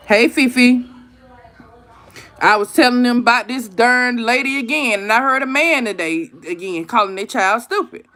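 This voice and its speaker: A woman in her thirties chats casually with her viewers on a live stream. She tells stories in an animated way and talks straight to the audience. Her voice sits at an average pitch.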